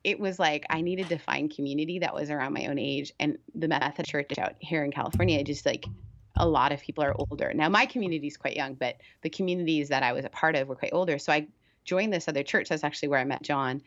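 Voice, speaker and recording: A woman's voice: sits low, fast talker, lo-fi sound. A woman pastor with a mixed British, Canadian and Southern US accent, telling candid stories in a casual interview and laughing easily. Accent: mix of British, Canadian and Southern US. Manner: candid, animated storyteller who laughs easily. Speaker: United Methodist pastor, guest.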